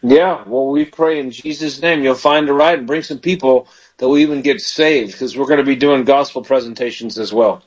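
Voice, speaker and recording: A man's voice: mid-range voice, moderate pace, husky, low-quality recording. A man hosting a call-in radio show as a pastor, praying fervently with callers and bursting into praise.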